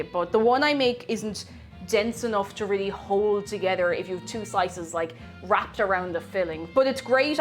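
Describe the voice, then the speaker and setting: A woman streamer chatting casually with her viewers while she bakes. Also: mid-range voice. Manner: chatty, reading out viewer messages. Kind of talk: casual chat while baking.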